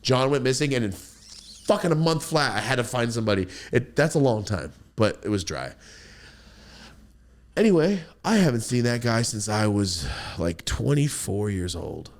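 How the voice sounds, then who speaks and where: Animated, swearing man telling a story. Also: moderate pace. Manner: animated, profane, jumps into high-pitched quoted voices. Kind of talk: casual storytelling chat.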